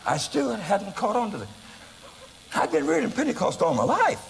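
A man from the United States preaching, telling a story from the pulpit and swinging from quiet asides to loud acted shouts. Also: sits high, huge pitch swings, moderate pace, vocal fry, slight background noise, rough recording. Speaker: evangelist preacher. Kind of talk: sermon storytelling.

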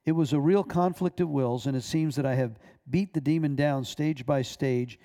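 A man who is a minister, reading a personal testimony aloud in a measured way, with small stumbles. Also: on the high side, dark tone.

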